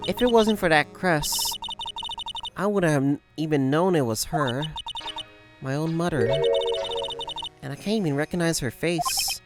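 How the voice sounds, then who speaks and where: A woman's voice: low-pitched, lively intonation, unhurried, long pauses, loud music behind the voice. A woman voicing a playful young female spirit medium in a game, read aloud. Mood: somber. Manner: playful, teasing.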